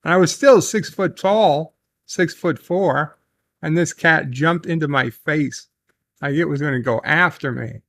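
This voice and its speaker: Gravelly man hosting a livestream. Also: a little high, measured pace, fairly bright tone. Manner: rambling, reads chat messages aloud with filler ums. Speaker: livestream host. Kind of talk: casual livestream chat.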